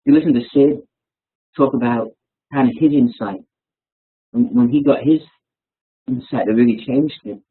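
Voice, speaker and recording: Husky-voiced man speaking on a webinar. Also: medium pitch. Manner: halting, repeats words, self-deprecating. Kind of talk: casual reflective talk. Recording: tinny phone-like webinar line.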